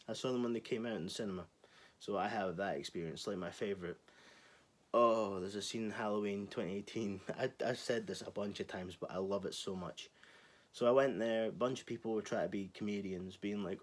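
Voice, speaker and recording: A man's voice: lowish voice, brisk. A man in his twenties hosting his own channel, ranting to camera in a casual, sarcastic and sweary way. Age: 20s. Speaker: channel host.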